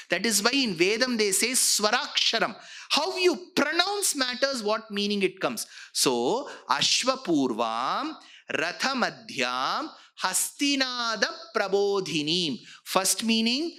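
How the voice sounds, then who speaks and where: A man giving an expressive religious discourse, explaining scripture and breaking off to demonstrate sounds. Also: extremely high pitch. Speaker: spiritual lecturer.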